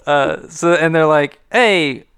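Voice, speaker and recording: A man's voice: a little high, sing-song, fairly quick, fairly bright tone, clear, resonant tone. A man co-hosting a casual podcast, walking through a film's plot with dry, teasing humor. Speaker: podcast co-host. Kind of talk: casual comedic chat, film recap.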